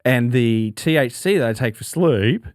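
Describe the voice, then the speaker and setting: Man, 30s, podcast co-host, casual storytelling, very lively pitch, dry sound. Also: moderate pace, no echo. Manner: animated, jumps into high-pitched voices for quoted people.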